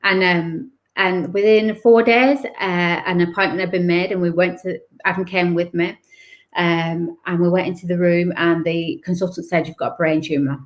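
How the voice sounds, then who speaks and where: A woman's voice: on the low side, steady tone, normal speed. A woman telling her own story as an interview guest. She speaks candidly and with emotion, acting out the things people said to her. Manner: candid, emotional, acts out remembered dialogue. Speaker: guest author.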